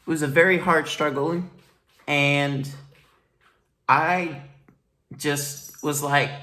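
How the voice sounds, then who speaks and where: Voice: medium pitch, fairly even intonation, unhurried, bright, forceful tone. Blunt, rambling vlogger voice. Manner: rambling, upset and blunt, with swearing. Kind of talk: personal commentary monologue.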